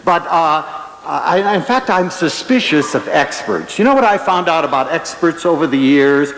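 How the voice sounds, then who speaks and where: A man giving a humorous public lecture, telling stories in an animated, playful way. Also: on the high side, normal speed. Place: large lecture hall before an audience. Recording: echoey lecture hall.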